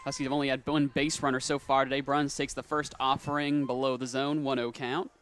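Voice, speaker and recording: A young man calling play-by-play for a high school softball game, quick on routine calls and rising on big plays. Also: level tone. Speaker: play-by-play announcer. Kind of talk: sports commentary.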